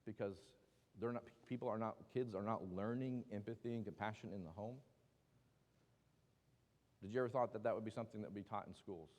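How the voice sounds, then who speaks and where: A man's voice: lowish voice, steady tone, brisk, long pauses, a little mellow, big-room sound. A man teaching a Bible class in a casual, joking way with lots of asides. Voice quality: joking, chatty, with many asides. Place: church meeting room.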